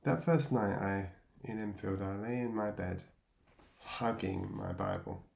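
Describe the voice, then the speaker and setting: Gravelly English man telling his story. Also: fairly low pitch, sing-song, measured pace, a little mellow, echoey room. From England. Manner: reflective, wry, laughs at himself, acts out voices from memory. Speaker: memoir narrator. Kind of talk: personal storytelling.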